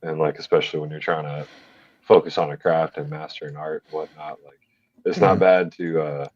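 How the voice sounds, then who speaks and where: Panel guest, man, very low and husky, laid-back and brotherly, muffled lo-fi line. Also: level tone, fairly quick, darkish tone, dry recording. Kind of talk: casual advice chat.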